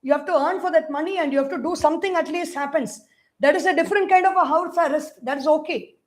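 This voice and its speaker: A woman with an Indian English accent giving a spiritual discourse, telling lively stories and chanting Sanskrit verses. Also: high-pitched, quick pace. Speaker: spiritual teacher.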